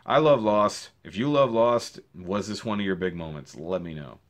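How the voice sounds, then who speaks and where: A man recapping a show in a casual spoken review, rambling and excitable, with restarts and rhetorical questions. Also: lowish voice, normal speed. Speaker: video reviewer.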